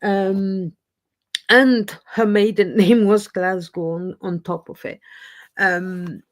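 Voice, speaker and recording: A woman's voice: medium pitch, steady tone, slow pace. A woman hosting a casual live stream chat, rambling and self-deprecating as she talks. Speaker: livestream host. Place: lives in Scotland.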